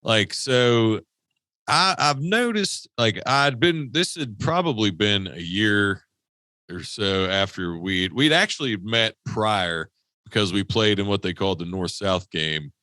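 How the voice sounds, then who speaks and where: A man's voice: fairly low pitch, lively intonation, a little slow, pushed and bright, dry recording. A man co-hosting a podcast, telling a rambling, profane story with lots of restarts. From West Virginia. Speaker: podcast co-host. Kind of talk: casual storytelling. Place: podcast studio.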